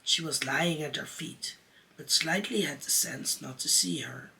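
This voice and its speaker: A man who performs as a drag queen reads a children's story aloud at a slow, deliberate pace. His tone is bright and crisp, and he sits a little back from the microphone. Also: a little high, far from the mic, rough recording.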